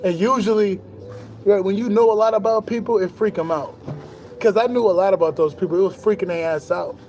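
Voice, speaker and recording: A young man talking casually to camera in a boastful, animated monologue full of slang and swearing, laughing now and then. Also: high-pitched, a little fast. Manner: laughs between lines. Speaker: spiritual vlogger.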